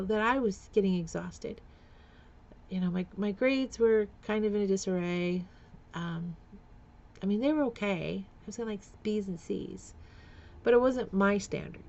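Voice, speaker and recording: Vlogger woman with a gravelly edge, raw and candid, lo-fi recording. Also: medium pitch, normal speed, a little mellow. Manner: candid, emotional, with nervous laughs and repeated words. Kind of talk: personal storytelling vlog.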